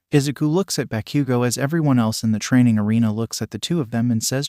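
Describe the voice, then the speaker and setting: A man narrating a fan fiction story with a steady, plain reading. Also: medium pitch, fast talker, hardly any pauses, no echo, clean studio sound.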